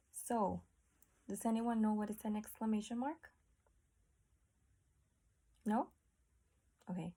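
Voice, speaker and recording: A woman's voice: medium pitch, warm tone. A woman teaching a class, explaining patiently and asking her students questions. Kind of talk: classroom lesson.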